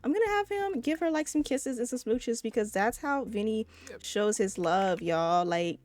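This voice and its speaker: A woman giving casual, chatty commentary while she plays a life-simulation game, often turning to her viewers with excited asides. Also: fairly high pitch, moderate pace. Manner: chatty, addresses viewers as y'all, excitable exclamations. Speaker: let's play creator.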